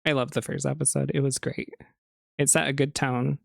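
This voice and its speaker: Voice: mid-range voice, little pitch movement, moderate pace, gravelly, no echo. Giggly podcast co-host in a dry room. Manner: giggly, quotes lines with playful emphasis. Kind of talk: casual chat.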